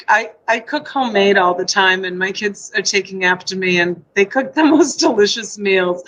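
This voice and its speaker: A woman's voice: mid-range voice, a bit bright, low-quality recording. A middle-aged woman hosting a casual live stream from home, chatty and rambling. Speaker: live-stream host selling items. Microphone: USB desk mic.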